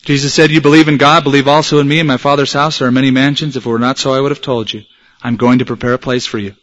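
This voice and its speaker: A man preaching a sermon, stressing key words slowly and acting out quoted dialogue. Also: mid-range voice, flat delivery, fairly bright tone, highs cut off. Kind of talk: sermon teaching on evangelism.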